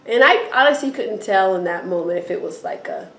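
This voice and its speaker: A woman's voice: mid-range voice, animated, a little fast, creaky, fairly bright tone, far from the mic. A woman recapping a TV episode in casual chat, retelling scenes and acting out the characters' lines. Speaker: podcast co-host. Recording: echoey room with faint noise.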